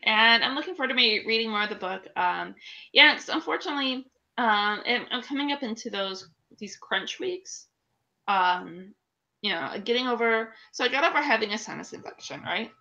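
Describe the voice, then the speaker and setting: A woman's voice: on the high side, expressive, normal speed, pushed and bright, highs cut off. A woman co-hosting a podcast, chatting casually and telling a funny story while fighting a cold, in her thirties. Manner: chatty storyteller, laughing asides. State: coming down with a cold. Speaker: podcast co-host. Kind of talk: casual chat.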